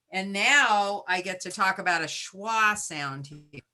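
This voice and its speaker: A woman teacher presenting a webinar, modeling a phonics lesson as she sounds out syllables slowly and makes chatty asides and self-corrections. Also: mid-range voice, pushed and bright. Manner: slow, deliberate sounding-out of syllables.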